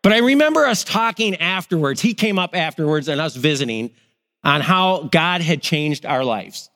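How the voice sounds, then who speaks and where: A middle-aged man preaching a sermon, animated, acting out people's reactions as he tells stories. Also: on the high side, moderate pace, in a large hall. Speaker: pastor.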